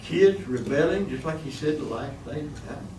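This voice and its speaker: A man's voice: fairly high pitch, expressive, normal speed, recorded from a distance, noisy background. A man preaching a folksy sermon, calling out for amens from the congregation. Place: church. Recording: echoey church room, mic from afar.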